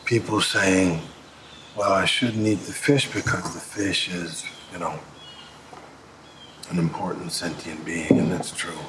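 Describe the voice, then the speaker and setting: A mumbling deep-voiced tough guy. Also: fairly even intonation, unhurried, long pauses, heavy background noise. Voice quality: mumbling, laid-back delivery. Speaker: action film lead. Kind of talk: film dialogue clips. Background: film score.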